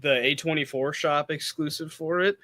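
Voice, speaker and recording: A man's voice: on the high side, steady tone, moderate pace, bright, forceful tone, dry recording. A young man in casual chat, blunt and swearing in his opinions. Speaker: co-host on a watch-along.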